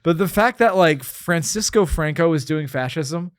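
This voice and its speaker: A man's voice: a little high, lively intonation, normal speed, dry recording. A man hosting a podcast in casual, crude, rambling chat full of fillers and jokes. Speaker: podcast host.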